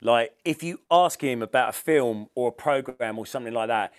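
A man's voice: mid-range voice, moderate pace, smooth. A man on a podcast, telling rambling, sweary anecdotes in casual chat.

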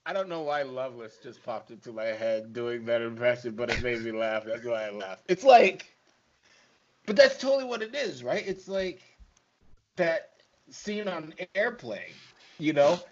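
A man in casual podcast chat, animated and often laughing, swinging between loud and quiet. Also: medium pitch, normal speed, lo-fi sound.

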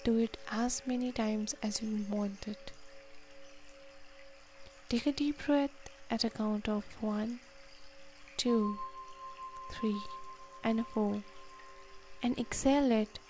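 A woman leading a guided meditation, counting breaths and giving slow, soft, calm instructions. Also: a little high, faint music behind.

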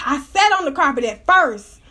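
A woman hosting a podcast, telling a story in a profane, animated, slang-heavy way with frequent laughter. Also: high voice, moderate pace. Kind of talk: casual storytelling monologue.

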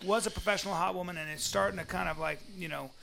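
A high-pitched man with a bright, gravelly edge holds forth on a crude comedy podcast. He rambles through a long-winded point and keeps insisting on finishing it. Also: fairly even intonation, fast. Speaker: podcast co-host.

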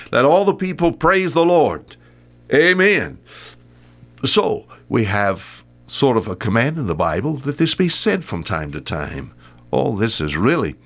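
An older man preaching a sermon in a folksy, repetitive way, rising to emphatic bursts on key words. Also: mid-range voice.

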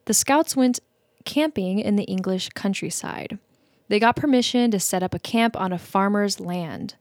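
A woman's voice: medium pitch, darkish tone, no echo, clean studio sound. Playful American woman podcast co-host. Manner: laughs easily, playful. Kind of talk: casual chat and story reading.

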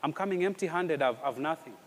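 Fast-talking and animated, a pastor with a slightly high voice repeats phrases and fires off rhetorical questions in his sermon. A long reverb from the church hall hangs on everything he says.

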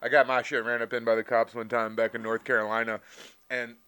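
An easygoing man chatting as a podcast guest, quick to laugh and casually profane. His voice is bright and smooth, sitting at a middle pitch. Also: little pitch movement.

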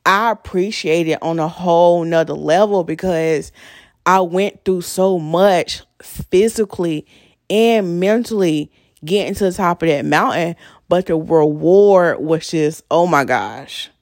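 A young woman, hosting a podcast and telling a story in a chatty, animated way. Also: on the low side, a little slow, no room sound, clean studio sound. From North Carolina. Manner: chatty, animated, addresses listeners as y'all. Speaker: podcast host. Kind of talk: casual storytelling monologue.

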